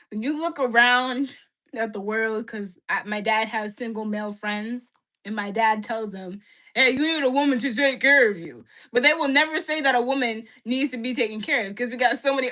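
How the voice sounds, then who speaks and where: Woman, livestream rant, profane, emphatic, bright tone. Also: fairly high pitch. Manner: repeats herself, many "like" fillers.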